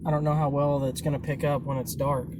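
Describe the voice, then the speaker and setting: A man's voice: fairly high pitch, flat delivery, quick pace. Laid-back teasing man driving, road noise. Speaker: podcast host, delivery driver. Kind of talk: casual chat. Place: inside a moving car. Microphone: phone mounted in car. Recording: loud car road noise.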